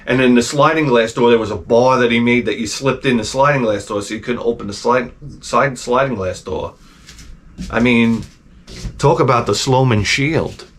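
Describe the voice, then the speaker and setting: A man's voice: mid-range voice, normal speed, slight background noise. Middle-aged male host; loose, profane, digressive storyteller with an ordinary mid-range voice. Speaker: channel host. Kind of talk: casual rambling storytelling.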